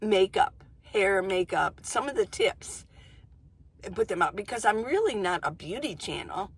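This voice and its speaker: A woman vlogger talking casually to camera from inside her van, chatty and goofy, rambling fast and laughing often. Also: mid-range voice, animated, husky. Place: inside a minivan.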